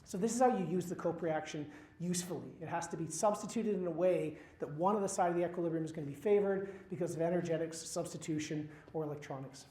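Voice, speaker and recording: A man's voice: on the high side, quick pace, warm tone. A man giving a university chemistry lecture, quizzing his students with questions and dropping wry asides. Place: lecture hall. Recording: roomy lecture hall echo.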